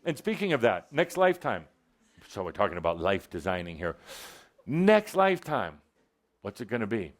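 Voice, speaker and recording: A man giving a channeled spiritual talk to a live audience, playful and theatrical, teasing the listeners, his voice jumping up and dropping low. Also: very animated, moderate pace. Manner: theatrical, playful, teasing, with big swings in pitch.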